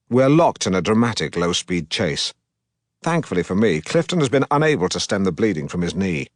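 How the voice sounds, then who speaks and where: A pompous middle-aged broadcaster telling his own story in an audiobook, deadpan and self-important. The voice sits low. The sound is dry and close, with no room around it. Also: no room sound. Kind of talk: audiobook narration.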